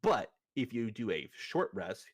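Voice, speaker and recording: Lively, low-voiced male game master. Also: unhurried. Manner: casual, rambling, profane. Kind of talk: recapping a tabletop game session. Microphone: streaming setup.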